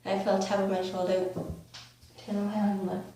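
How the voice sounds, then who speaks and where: A young woman in her teens telling a storytime vlog in a rambling, filler-heavy way with bursts of excitement, recorded on a camera mic at home. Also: mid-range voice, a little fast. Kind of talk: storytime vlog, casual chat. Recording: very echoey room, faint hum.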